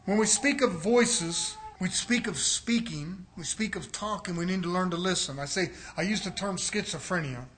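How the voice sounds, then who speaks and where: Male preacher, high bright tone, quiet teaching swelling into shouted exhortation. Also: normal speed, hardly any pauses, a little hiss or hum. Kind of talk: sermon.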